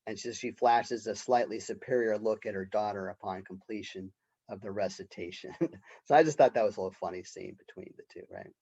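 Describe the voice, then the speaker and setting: A man's voice: fairly low pitch, fairly quick, warm tone, husky, dull audio. A man lecturing on a play as a college professor, talking off the cuff with fillers and frequent "right?", and reading quoted lines with some expression. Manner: unscripted, with fillers and rhetorical "right?".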